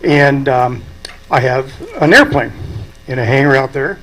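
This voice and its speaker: A man's voice: mid-range voice, measured pace, fairly bright tone, poor audio. Folksy man telling memorial stories. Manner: folksy storytelling, chuckling at his own stories. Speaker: aviation club president giving a eulogy. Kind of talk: memorial speech anecdotes.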